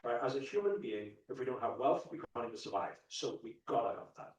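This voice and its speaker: A man's voice: medium pitch, sing-song, quick pace, distant mic. A man speaking in an echoey hall. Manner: questions the crowd, repeats lines for emphasis. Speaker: spiritual teacher. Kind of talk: motivational talk to a live audience. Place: large hall at a live event.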